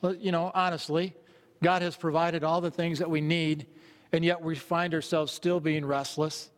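Male pastor, slightly high voice, earnest sermon delivery, long hall reverb. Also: little pitch movement, normal speed. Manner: earnest, repeats phrases while reading scripture aloud.

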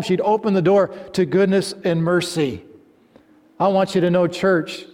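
A male preacher delivering a sermon, speaking slowly and emphatically, often letting phrases sink to a low hush at their ends. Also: fairly even intonation. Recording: echoey hall reverb.

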